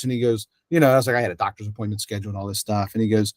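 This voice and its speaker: Speaking very fast with barely a pause, this interview host has a fairly low voice and no audible room sound. He rambles through the conversation with fillers and false starts, performing the voices of anyone he quotes.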